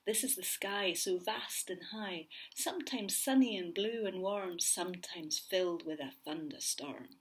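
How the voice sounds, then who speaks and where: A woman teacher reading a picture book aloud to young children, slow and gentle, often dropping to a whisper. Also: on the low side, a little hiss or hum. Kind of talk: read-aloud storytelling for children.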